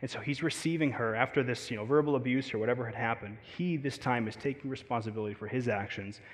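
A man with an American accent preaching a sermon, talking in a conversational, animated way with frequent fillers and asides. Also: mid-range voice, quick pace, long reverb tail. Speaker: pastor.

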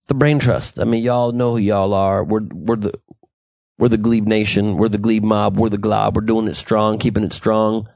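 A man's voice: on the low side, level tone, normal speed, gravelly, darkish tone, dry recording. A man hosting a podcast, joking and rambling through casual banter with his co-host.

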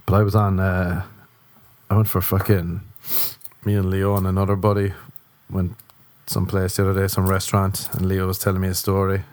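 An Irish man rambles through a self-mocking, sweary story on his solo podcast. His voice sits low and mellow. The sound is dry and close. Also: no room sound. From Ireland. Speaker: podcast host.

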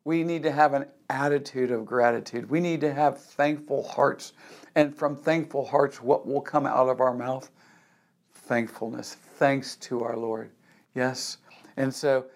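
A male pastor delivering a sermon at a medium pitch. He repeats key phrases with emphasis and keeps checking in with a rhetorical "yes?". His delivery moves between slow, weighty stretches and quick asides.

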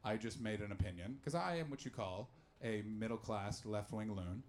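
A man doing stand-up comedy and chatting with the crowd. His delivery is animated and full of swearing, and he swings between shouting and muttering. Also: on the low side, normal speed, slight background noise. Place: live comedy venue with audience.

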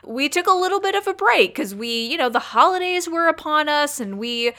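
A young woman co-hosting a podcast as a counselor, chatting casually in an animated way and laughing often. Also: high voice, brisk. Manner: animated, laughs often, shifts between voices. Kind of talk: casual chat.

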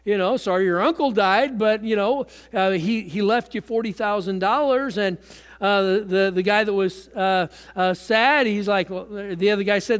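High-voiced preacher in an echoing hall. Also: male voice, normal speed, clear, resonant tone. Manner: conversational preaching with fillers and repeated words. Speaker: pastor. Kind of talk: sermon.

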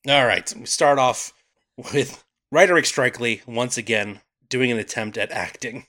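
Bright, wry male podcast co-host. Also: medium pitch, normal speed. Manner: wry, laughs often. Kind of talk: casual comedic chat.

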